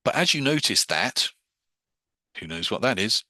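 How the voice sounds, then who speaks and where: A man with a fairly low voice and a very bright, cutting edge teaches hypnosis to a class. He works through his own phrasing piece by piece and explains why each word is there. The sound is close and dry. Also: big pitch swings, normal speed, no room sound. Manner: analytical, breaks down his own wording step by step. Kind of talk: explaining and demonstrating techniques to a class.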